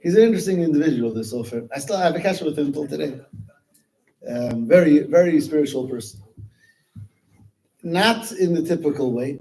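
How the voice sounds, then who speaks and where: A male rabbi telling a story at a Chassidic gathering, animated, with Hebrew words dropped into his English. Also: on the high side, fairly quick, pauses often, low-quality recording.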